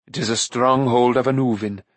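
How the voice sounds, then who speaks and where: A man voicing a calm, noble warrior prince who speaks in a measured, dignified way in an audiobook. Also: mid-range voice, no room sound, lightly acted.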